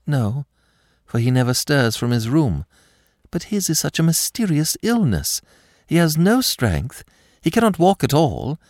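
A man's voice: on the low side, big pitch swings, normal speed, no echo, studio quality. Man doing a frightened young French lady. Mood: fearful. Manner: anxious, breathless pleading. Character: frightened young French woman, about twenty.

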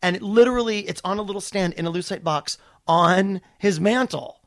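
A male comedian telling a long story in casual chat, fast and profane, acting out the people he quotes. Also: high-pitched, no room sound, studio quality.

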